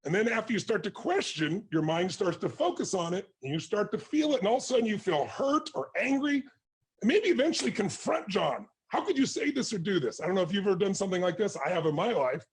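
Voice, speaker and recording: Casting note: a forceful motivational speaker, a man whose voice runs raspy and higher than most. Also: animated, fast talker. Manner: forceful, passionate, emphatic. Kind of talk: intense motivational talk to an interviewer and audience.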